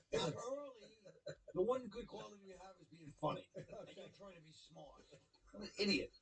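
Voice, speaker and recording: A male comedian guesting on a radio show who fires off insults at the others. His voice sits a bit higher than most men's, and he jabs in quick bursts. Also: creaky, a bit bright, low-quality recording. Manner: rapid-fire mocking insults. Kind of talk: radio banter.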